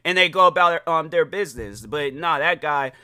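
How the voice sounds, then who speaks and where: A man hosting a podcast, telling a casual story in an animated way, acting out the dialogue and using lots of filler words. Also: a little high, normal speed, clear, resonant tone, dry recording, studio quality. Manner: animated, acts out quoted dialogue, many "like" fillers. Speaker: podcast host.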